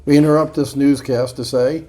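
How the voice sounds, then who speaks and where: Man, casual vlog, mellow warm tone, sarcastic asides, faint background hum. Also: medium pitch, steady tone, normal speed. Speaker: vlogger reading a self-help book. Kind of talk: casual joking commentary.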